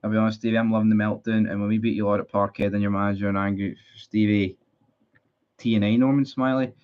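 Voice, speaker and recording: A Scottish man with a fairly low voice talks through a live football match for his stream, swearing at his team and answering viewers in the chat. His audio is dull and lo-fi, like a cheap streaming setup. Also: flat delivery, quick pace, clear, resonant tone. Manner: frustrated, sweary, chatty with viewers. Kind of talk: live match watchalong commentary.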